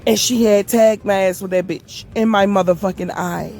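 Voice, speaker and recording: Brief: animated, foul-mouthed woman vlogger telling a story on a walk, faint music behind. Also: mid-range voice, normal speed. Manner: profane, animated, addresses viewers as y'all. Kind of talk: casual storytime. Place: outdoors while walking.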